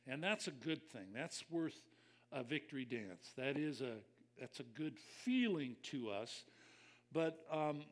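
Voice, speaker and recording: A man's voice: medium pitch, expressive, a little slow. An older man preaching a conversational sermon as a pastor, reflective and personal, speaking straight to his listeners.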